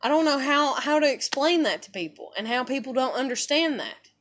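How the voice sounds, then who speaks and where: A woman's voice: sits high, animated, brisk, fairly bright tone. A young woman from the United States ranting to camera in a profane, exasperated, emphatic way. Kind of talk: angry personal rant to camera.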